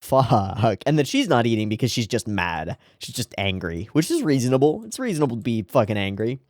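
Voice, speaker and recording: A man's voice: mid-range voice, very animated, fairly quick, a little mellow, no room sound, clean studio sound. A man hosting an anime reaction show, talking casually and emotionally and swearing freely as he comments.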